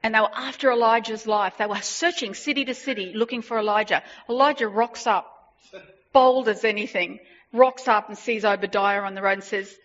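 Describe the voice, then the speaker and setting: A woman preaching a sermon, retelling a story with animated emphasis and repeated phrases. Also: fairly high pitch, a little fast. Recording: dull lo-fi sound.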